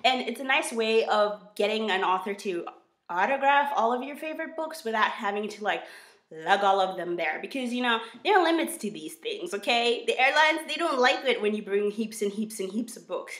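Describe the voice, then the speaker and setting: A woman with an American accent chatting in a bubbly, expressive way on her book vlog. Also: on the high side, normal speed. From United States. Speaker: book vlogger. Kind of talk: casual vlog chat. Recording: roomy echo.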